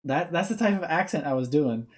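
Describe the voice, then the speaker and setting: A man's voice: fairly high pitch, expressive, brisk. A young man giving casual reaction commentary, rambling off on tangents and restarting his sentences.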